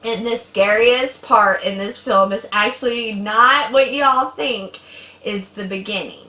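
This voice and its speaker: A woman in her thirties hosting a casual chat, talking in a chatty, animated way with sudden loud bursts. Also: medium pitch, a little slow. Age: 30s. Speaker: host. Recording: echoey room.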